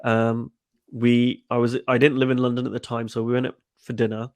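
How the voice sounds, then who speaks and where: A man's voice: mid-range voice, little pitch movement, brisk, a little mellow, dry recording. A middle-aged man, a coach, telling stories in a webinar, often repeating words and acting out quoted dialogue. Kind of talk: webinar interview answers.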